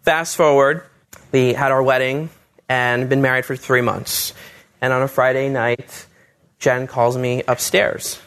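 This man speaks with a medium pitch, a measured pace, and a clean tone as he shares a personal tale of his proposal and family. Lively in his telling, he acts out each quoted person's voice.

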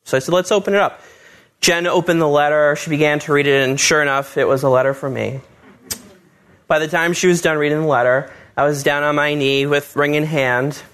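A man tells a personal story to an audience, lively and expressive, and he leans into the voices of the people he quotes. His voice sits a little high for a man. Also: a little fast, clear, resonant tone. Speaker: husband telling his story.

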